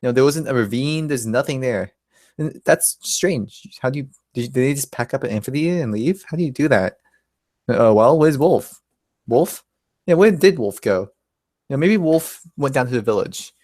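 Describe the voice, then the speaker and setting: A man's voice: mid-range voice, animated, moderate pace, a little mellow, no echo, studio quality. Chatty young man retelling a story. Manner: chatty, full of asides and rhetorical questions.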